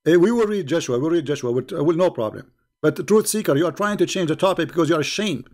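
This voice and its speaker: A man's voice: fairly high pitch, animated, fast talker, darkish tone. A middle-aged man hosting a livestream debate, combative and mocking, hammering points home by repeating them. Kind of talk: polemical livestream commentary.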